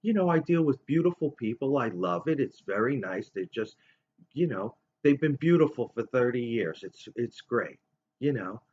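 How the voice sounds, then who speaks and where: A fifties-aged male vlogger, speaking at normal speed in an animated, slightly mellow, medium-pitched voice with a breathy edge, narrates a long, rambling story. He performs other people's voices, and the audio is dull lo-fi.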